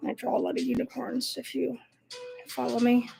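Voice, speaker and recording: A woman's voice: fairly high pitch, completely flat delivery, normal speed, creaky, warm tone, soft background music. A young adult woman chatting casually while she draws, self-mocking and laughing often. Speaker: art vlogger. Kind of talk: casual narration while drawing.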